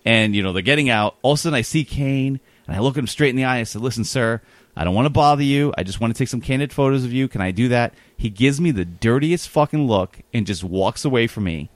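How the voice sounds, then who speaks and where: In a mid-range voice, this man speeds through a meandering anecdote during a casual chat. The recording has no echo, and he's animated, stuffing his story with fillers and quoted lines.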